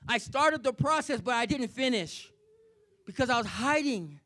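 A man's voice: extremely high pitch, expressive, moderate pace, sharp tone. A man preaching a sermon, telling his own story and asking the congregation "Amen?" as he repeats key lines. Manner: repetitive, asks the congregation "Amen?"; personal testimony, intense.

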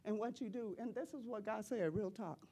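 Her warm, medium-pitched voice carries a breathy edge at normal speed as she preaches in church. She shares an emphatic personal testimony in a casual, slangy style, with frequent laughter between lines.

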